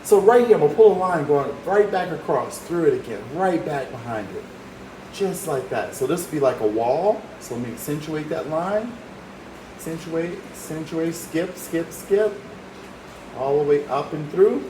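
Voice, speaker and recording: A male art teacher talks through his drawing one stroke at a time and cheers the viewer on as he goes. His voice sits a little high for a man. The room gives it a noticeable echo. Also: animated, moderate pace, background noise. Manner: encouraging, talks while drawing step by step. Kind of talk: drawing demonstration. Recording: roomy echo, faint ambience.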